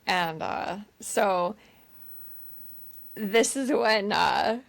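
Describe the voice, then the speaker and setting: A woman's voice: mid-range voice, very slow, vocal fry. A woman co-hosting a film podcast, a mother, chatting casually and acting out lines from scenes. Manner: animated retelling with voiced quotes. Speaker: podcast co-host. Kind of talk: casual chat.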